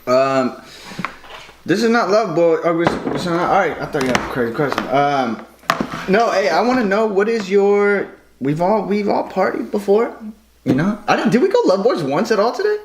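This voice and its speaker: A man's voice: high-pitched, very animated, moderate pace. A young man co-hosting a podcast, telling a rambling drunk story with lots of swearing and laughter. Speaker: podcast co-host. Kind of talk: casual chat. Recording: echoey room with noise.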